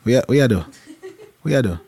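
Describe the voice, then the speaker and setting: A man co-hosting a casual podcast, laughing and teasing his friends in animated banter. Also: medium pitch, fast talker, creaky, husky, no room sound. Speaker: podcast host.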